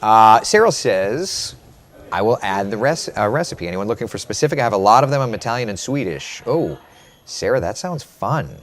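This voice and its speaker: A man hosting a live chat stream as a TV meteorologist, reading viewer comments and giving a relaxed weather and travel forecast, often repeating his phrases. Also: lowish voice, normal speed.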